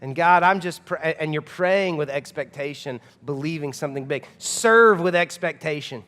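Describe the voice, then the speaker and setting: A man's voice: a little high, moderate pace, a bit bright, in a large hall. A man in his thirties preaching a sermon as pastor, emphatic and conversational, with frequent rhetorical questions to the congregation. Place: church auditorium.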